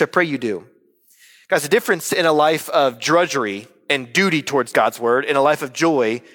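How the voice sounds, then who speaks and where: A man in his thirties, a pastor preaching a sermon in an animated, conversational way. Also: on the high side. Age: 30s. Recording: long reverb of a large hall.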